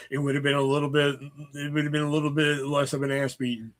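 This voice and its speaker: A man's voice: a little high, fairly bright tone. A man hosting a casual livestream, chatting with viewers in a profane, joking, rambling way. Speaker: livestream host.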